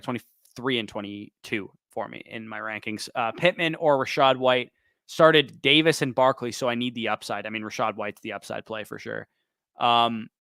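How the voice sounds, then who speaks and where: A man hosting a livestream Q&A, quickly reading off player choices and picking one, while he is losing his voice. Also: mid-range voice, sharp tone, clean tone, no echo. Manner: quick, listing names then picking one. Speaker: fantasy football show host. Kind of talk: livestream Q&A, rapid-fire start/sit answers.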